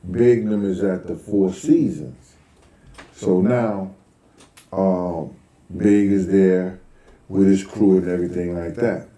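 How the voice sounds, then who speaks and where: This storyteller, a middle-aged man, wanders casually through a lengthy story from his own life, leaning on "um" and "you know" throughout. Quoting others, he turns loud and pitches up, and the room around him echoes noticeably.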